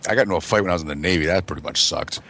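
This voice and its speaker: A man's voice: low voice, rapid-fire, bright, forceful tone. A man casually telling a profane, rambling story and laughing as he goes. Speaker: regular on a men's chat show, Navy veteran.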